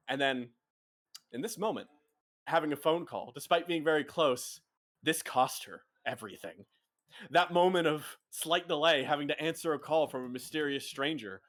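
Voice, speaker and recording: A man running a tabletop game as game master, animated and often jumping into character voices. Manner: animated, jumps into high-pitched character voices. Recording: faint music behind.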